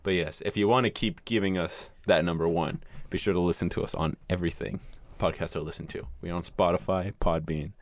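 A man's voice: low voice, steady tone, fairly quick, hardly any pauses. A man co-hosting a podcast, laid-back as he reels off where to find the show. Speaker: podcast co-host. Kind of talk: podcast sign-off.

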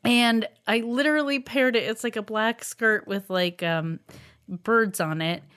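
A woman's voice: on the high side, fairly bright tone, clear, resonant tone. Teasing woman in casual chat. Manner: chatty, teasing, quick laughs. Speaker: podcast co-host.

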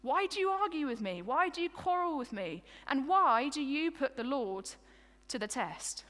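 A woman's voice: sits high, big pitch swings, normal speed, fairly bright tone, long reverb tail. Woman telling it as Moses, weary and exasperated. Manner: first-person storytelling, exasperated and pleading. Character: Moses, weary exasperated male leader of a grumbling people.

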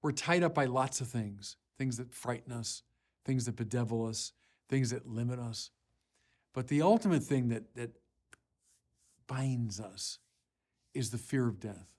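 A man preaching a sermon, unhurried with small restarts, rising to forceful emphasis on key lines. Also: mid-range voice.

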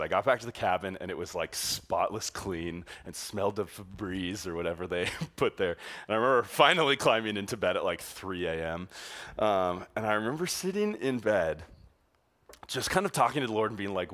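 Animated young male youth pastor. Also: low-pitched. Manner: animated, laughing storyteller with a lot of "like" and "um". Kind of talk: sermon storytelling.

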